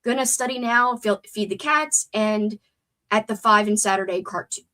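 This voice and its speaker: A young woman hosting a livestream talks at length, reading chat comments aloud in a sharp-toned, mid-range voice. She keeps a moderate pace, and her nose sounds stuffed up.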